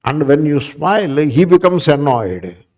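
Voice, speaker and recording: A man's voice: fairly high pitch, sing-song, unhurried, darkish tone. A man giving a spiritual class lecture as a Vedanta teacher, repeating points and checking in with his listeners. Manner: repetitive, asks the listeners questions.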